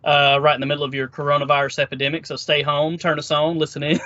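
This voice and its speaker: A man hosts a casual sports podcast in an upbeat, teasing way. His voice sits a bit high and sounds bright and forceful. The recording is dull and lo-fi. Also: level tone, fast, a little hiss or hum. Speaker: podcast host.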